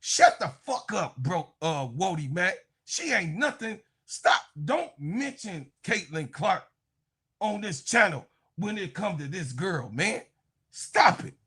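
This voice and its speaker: A man's voice: high-pitched, big pitch swings, slow, sharp tone, slightly rough. A man giving a heated, profane sports commentary rant, mocking and laughing.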